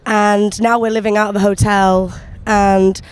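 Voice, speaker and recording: Glum interviewee with a smooth voice. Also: medium pitch, little pitch movement, measured pace. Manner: glum, complaining. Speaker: interviewee, hotel guest. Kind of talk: casual chat. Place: outdoors in a city park.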